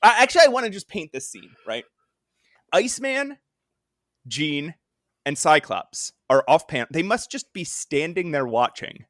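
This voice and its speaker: This man co-hosts a comics podcast, chatting casually, laughing a lot and performing quoted lines. His fairly high, bright voice moves through wide pitch swings at a measured pace. The recording is dry and studio-clean.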